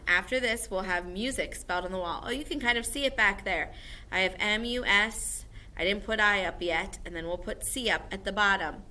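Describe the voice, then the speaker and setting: A woman's voice: medium pitch, sharp tone, a little hiss or hum. A woman music teacher giving a recorded video lesson to first graders, upbeat and encouraging, explaining things simply for young children.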